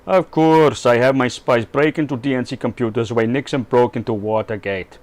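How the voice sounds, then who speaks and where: A man's voice: medium pitch, steady tone, normal speed, darkish tone, dry recording, lightly acted. A man voicing a scheming middle-aged male Russian leader in a put-on Russian accent, speaking broken English with dropped articles.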